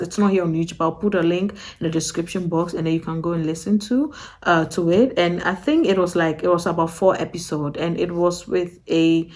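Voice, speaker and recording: Animated woman. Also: on the low side. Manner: animated, repetitive, acts out quoted voices with laughs. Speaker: vlogger and podcast host. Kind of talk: casual talk to camera.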